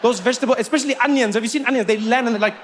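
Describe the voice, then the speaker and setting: A man with a South African accent telling stand-up comedy stories with animated, repetitive comic timing. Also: very high-pitched, very fast, slight background noise.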